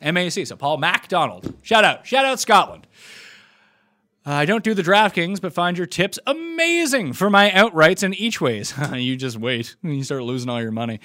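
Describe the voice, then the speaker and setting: A man's voice: on the high side, fairly bright tone. A man from Nova Scotia hosting a live stream, talking in a blunt, joking, rambling way. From Nova Scotia, Canada. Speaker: host. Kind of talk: casual live-stream chat.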